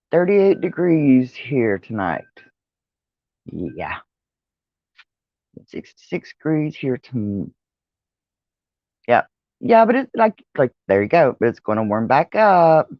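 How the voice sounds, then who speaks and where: A woman's voice: extremely low pitch, very animated, slow pace, pauses often, no echo, lo-fi sound. A tired woman chatting in a rambling way for her vlog on an outdoor porch. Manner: rambling, chatty, with many fillers and yawns. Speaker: vlogger. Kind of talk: casual vlog chat. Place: outdoor porch with traffic nearby.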